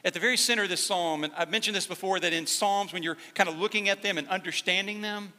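Bright-voiced male preacher in an echoing hall. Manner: swings from hushed, slow emphasis to loud, high-pitched fervor. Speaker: pastor. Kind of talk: sermon. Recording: long hall reverb.

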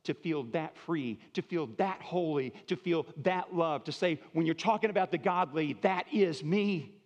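A man preaching a sermon as pastor, conversational and emphatic, moving between soft, quiet phrases and louder, raised ones. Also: a little high, normal speed, big-room sound, highs cut off.

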